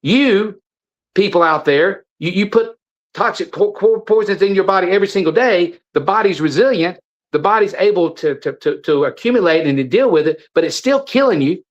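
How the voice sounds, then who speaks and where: A man's voice: high-pitched, expressive, normal speed, highs cut off. A middle-aged man speaking as a guest in an impassioned, preachy monologue, repeating phrases and restarting his sentences. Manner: preachy, repetitive, stumbling restarts. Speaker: guest, supplement seller.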